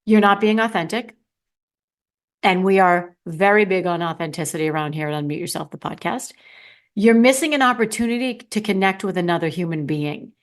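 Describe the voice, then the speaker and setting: A woman's voice: mid-range voice, a bit bright. A middle-aged woman, a confidence coach, talking candidly and playfully to her listeners in a solo podcast.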